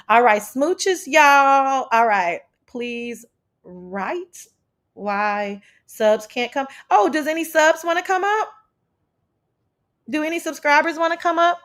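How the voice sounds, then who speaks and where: A woman hosting a casual livestream chat, brash and profane as she talks back to her chat. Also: mid-range voice. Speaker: livestream host.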